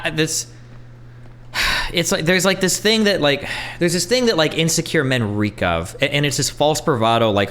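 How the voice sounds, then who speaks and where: A man's voice: mid-range voice, fairly bright tone. Man ranting over a streamed debate. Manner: exasperated, profane rant. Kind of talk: casual reaction commentary.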